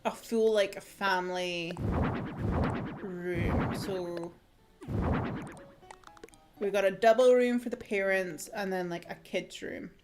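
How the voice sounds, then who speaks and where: A woman's voice: medium pitch, steady tone, takes it slowly, long pauses, over music. A woman livestreaming a game, chatting casually, reacting aloud and laughing easily. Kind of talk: casual gameplay commentary.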